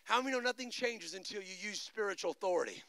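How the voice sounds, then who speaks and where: A man preaching a charismatic sermon, swinging between loud exhortation and low, quick storytelling. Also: animated, gravelly, no room sound.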